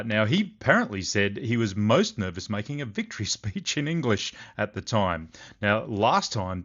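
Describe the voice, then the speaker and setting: A man's voice: mid-range voice, highs cut off. A man hosting a solo sports podcast, talking in a chatty way with wry asides. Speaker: podcast host.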